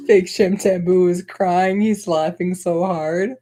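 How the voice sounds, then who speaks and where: A soft-spoken woman co-hosting a casual show and teasing her co-host. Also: fairly low pitch, steady tone, slow pace. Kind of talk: casual chat.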